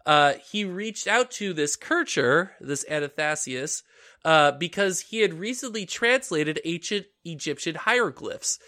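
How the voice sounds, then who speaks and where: A man's voice: on the high side, expressive, a little slow, sharp tone. A man hosting a casual podcast, with a stuffy, nasal voice from congestion, who laughs a lot and trips over hard names. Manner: laughs often, stumbles over names and words. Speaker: podcast host.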